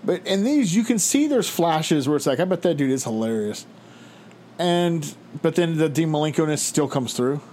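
A man's voice: on the high side, animated, normal speed, a little mellow, slight background noise. Chatty man riffing on a podcast. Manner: chatty, riffs with crude asides. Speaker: podcast co-host. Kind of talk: casual chat.

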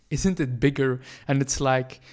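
A man's voice: mid-range voice, steady tone, measured pace, darkish tone. A man, a podcast co-host chatting casually, hesitant with many fillers and restarts. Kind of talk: casual chat.

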